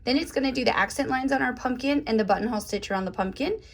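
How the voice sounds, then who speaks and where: A woman with a lilt walks through a craft lesson in a friendly, chatty way. Her voice sits a little high, and she gushes and laughs easily over each finished step, like a host talking straight to her club members. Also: rapid-fire. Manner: cheerful and gushing, laughs often. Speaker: embroidery tutorial host.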